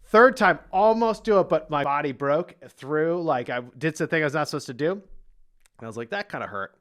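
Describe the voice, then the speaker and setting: A man hosts a podcast in a casual, joking tone, with a bright, forward voice. He tells stories with animated energy and breaks into laughter often. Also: fairly high pitch, fairly quick. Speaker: podcast host. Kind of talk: casual chat.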